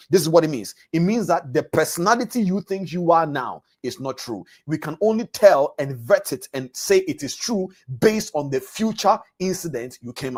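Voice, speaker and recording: A man with a fairly high voice teaches a live online class. He speaks emphatically and turns to his listeners with questions. He repeats words and phrases over and over to drive his points home. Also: a little mellow, husky. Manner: addresses listeners directly with questions. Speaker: trading coach. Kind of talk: live online masterclass lecture.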